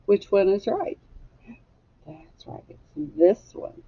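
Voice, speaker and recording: Woman teacher going slow and careful through a kids phonics lesson, kinda dull lo-fi sound. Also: mid-range voice, big pitch swings. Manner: slow, clear, deliberate drilling of sounds.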